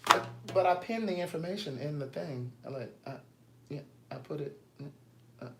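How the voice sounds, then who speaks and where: A man, an author, chatting casually on a live stream, greeting viewers by name and spelling things out slowly. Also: fairly high pitch, a little hiss or hum.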